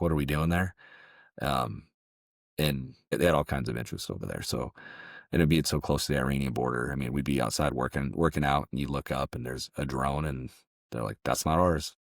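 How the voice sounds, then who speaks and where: Very deep-voiced man telling stories. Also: moderate pace, creaky, no echo, studio quality. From Southern California. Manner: conversational, loose, with frequent restarts. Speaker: podcast guest, former security contractor. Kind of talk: casual interview storytelling.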